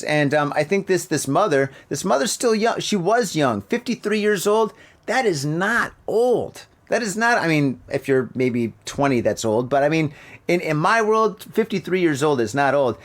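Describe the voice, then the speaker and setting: Animated, profane male podcast host. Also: fairly high pitch, normal speed. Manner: animated, profane, riffing jokes. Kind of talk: casual news commentary.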